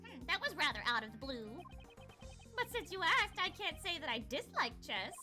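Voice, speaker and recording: Woman voicing a scheming male ringmaster, snide, mocking, game dialogue, sharp bright tone, faint music behind. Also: very high-pitched, big pitch swings, normal speed, voice pushed up, exaggerated voice. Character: sneering scheming adult male circus ringmaster. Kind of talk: game dialogue read aloud.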